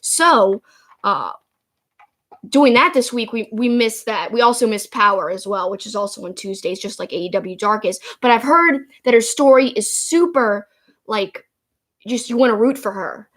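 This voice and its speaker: A woman's voice: a little high, normal speed, a bit bright. A woman co-hosting a wrestling podcast, chatting in an enthusiastic, casual way as she recaps a show. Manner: enthusiastic, chatty, quotes promos in put-on voices.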